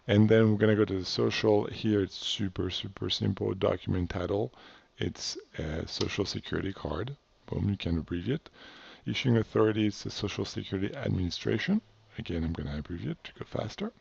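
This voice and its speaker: Deep gravelly man, offhand tutorial. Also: brisk, a little mellow, dull audio. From France. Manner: loose and offhand, many fillers and self-corrections. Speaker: instructor. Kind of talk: casual screen-share tutorial.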